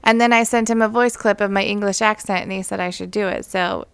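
A woman's voice: medium pitch, steady tone, a little fast, vocal fry, smooth, no echo. A woman co-hosting a podcast in casual chat, swearing freely and laughing often. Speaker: podcast co-host.

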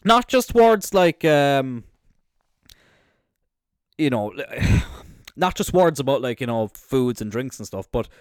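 Chatty Cork Irish man, lively pitch. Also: slow pace, pauses often, clear, resonant tone, no echo, clean studio sound. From Cork, Ireland. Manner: rambling and chatty, swears freely, trails off mid-thought. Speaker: podcast host. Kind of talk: casual solo podcast chat. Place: indoors, seated on a squeaky chair.

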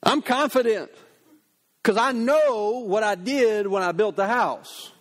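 A male pastor giving a sermon in a lively, conversational storytelling manner. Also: high-pitched, takes it slowly.

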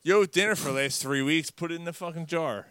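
A man's voice: a little high, fairly quick, a bit bright, clear, resonant tone, dry recording, studio quality. A man co-hosting a casual podcast chat, joking, swearing and tripping over his words. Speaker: podcast co-host.

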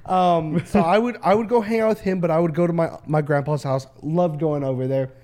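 Brief: high-voiced young man, podcast co-host, loose slang, swearing storyteller. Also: fairly quick, darkish tone. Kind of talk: casual storytelling.

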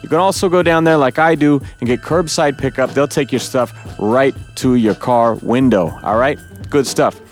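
A man's voice: medium pitch, normal speed, soft background music. A man hosting a casual podcast chat, loose and swearing, acting out quotes. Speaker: podcast host.

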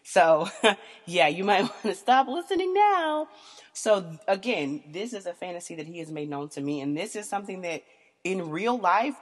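A low-pitched woman talks straight into the mic in a frank, profane storytelling monologue. She leans on filler words and speaks with blunt candor. Her voice carries a long reverberant tail from the room. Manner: blunt, profane, frequent "you know" fillers. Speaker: podcast host. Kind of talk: candid casual storytelling monologue.

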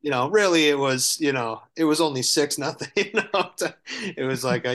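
A man's voice: mid-range voice, moderate pace, a bit bright. A man co-hosting a casual sports podcast, talking hesitantly with dry humor. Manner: hesitant, lots of fillers and restarts, dry humor. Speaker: podcast co-host.

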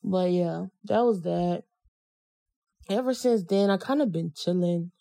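A young woman hosts her podcast in a blunt, slangy, animated way. Her voice has a gravelly fry and a mellow tone. The recording is dry. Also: lowish voice, unhurried, no echo. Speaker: podcast host. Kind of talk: casual chat.

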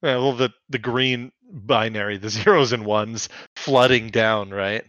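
A man's voice: lowish voice, measured pace, fairly bright tone, no room sound, lo-fi sound. A man co-hosting a podcast, recapping a cartoon in chatty casual talk full of fillers. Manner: chatty, filler-heavy, laughs often. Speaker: podcast co-host.

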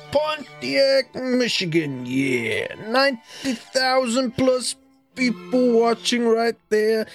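A man impersonating a brash, gravelly wrestling champion. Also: extremely high pitch, a bit bright, voice pushed up, exaggerated voice. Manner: gravelly drawl ending lines with "yeah". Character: brash adult male wrestling champion, boastful. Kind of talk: comic impression reading a promo.

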